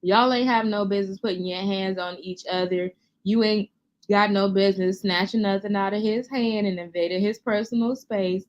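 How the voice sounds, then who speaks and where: A woman's voice: mid-range voice, steady tone, moderate pace, dull audio. A woman commenting on a clip, sarcastic and scolding, addressing the speaker on screen as "girl". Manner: sarcastic, scolding, calls her subject "girl". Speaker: reaction commentator. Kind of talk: reaction commentary.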